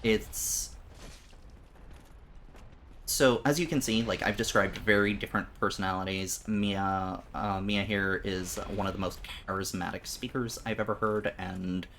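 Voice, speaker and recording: A man's voice: low voice, fairly bright tone, a little hiss or hum. A man streaming live, chatting casually with his viewers in a rambling way, often stumbling and repeating words.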